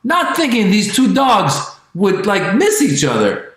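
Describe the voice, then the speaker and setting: A man in his forties from Iran doing an animated, profane stand-up routine on a livestream, talking directly to his audience. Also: high voice, unhurried. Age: 40s. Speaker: stand-up comedian. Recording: very echoey space.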